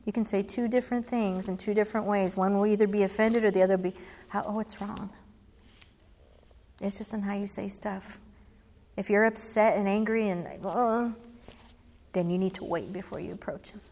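A woman with a medium-pitched, slightly mellow voice and fairly even intonation speaks at normal speed in a big-room setting. Answering audience questions, she gives candid, conversational advice and acts out her own past exchanges along the way.

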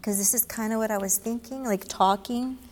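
A woman's voice: a little high, steady tone, brisk, darkish tone, in a large hall, slight background noise. A woman giving candid, conversational advice, acting out her own past exchanges as she goes. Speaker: speaker answering audience questions. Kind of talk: casual advice talk.

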